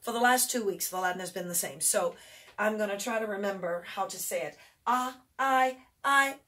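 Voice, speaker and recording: A woman's voice: medium pitch, brisk, a bit bright. Chatty woman teaching with hand signs. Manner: chatty, self-correcting, chants and sings words while showing hand motions; mild faith phrases. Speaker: homeschool teacher reviewing memory work. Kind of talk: casual instructional walkthrough.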